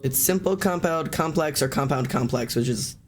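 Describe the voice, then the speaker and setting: A man's voice: on the high side, moderate pace, soft background music. A man hosting a livestream, chatting loosely with friends and slipping into a mock teacher voice to explain things. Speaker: streamer host. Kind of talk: casual group chat on a livestream.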